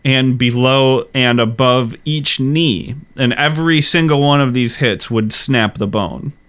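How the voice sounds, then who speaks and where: A man co-hosting a casual history podcast, explaining things in a slow, deliberate way. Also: medium pitch, a bit bright, smooth. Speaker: podcast co-host.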